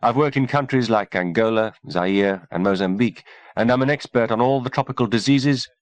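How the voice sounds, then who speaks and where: A man's voice: medium pitch, brisk, no room sound, pitched above the performer's own voice, lightly acted. A man voicing a composed woman doctor with a semi-posh English voice, cool and slightly mocking, in an audiobook reading. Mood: cool, poised.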